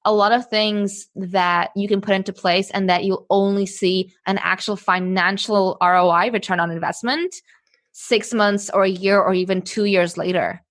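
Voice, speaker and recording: Guest: casual woman consultant, fast and easygoing, mid-pitched, plenty of fillers. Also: steady tone. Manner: quick, casual, lots of "like" fillers, laughs easily. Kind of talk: conversational interview.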